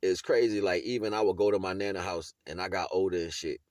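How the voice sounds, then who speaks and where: This video blogger speaks low and fast with a darkish tone, giving a laid-back motivational talk full of street slang. He laughs a lot and keeps checking in with "you know what I'm saying." It's studio quality with no room sound.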